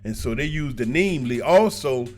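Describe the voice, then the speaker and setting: A man casually telling stories and giving advice to his viewers, colloquial and animated, laughing often as he talks. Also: medium pitch, moderate pace. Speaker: vlogger giving travel advice. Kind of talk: casual storytelling monologue.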